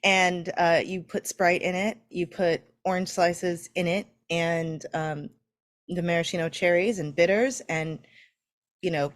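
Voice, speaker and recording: A woman co-hosting a casual livestream, chatty and quick to laugh. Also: lowish voice, fairly even intonation. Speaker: co-host.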